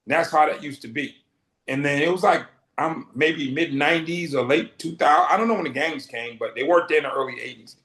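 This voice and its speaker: A man's voice: on the high side, brisk, a bit bright. Boston guy in his middle years telling stories, acts out the quotes, echoey room. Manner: vivid storyteller who acts out quoted dialogue. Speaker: interview guest. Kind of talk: casual storytelling in an interview. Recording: roomy echo.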